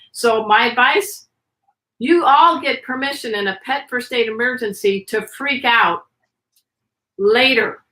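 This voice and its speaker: Energetic woman teaching pet first aid. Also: a little high. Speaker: pet first aid instructor, show guest. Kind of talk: video podcast interview. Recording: roomy echo.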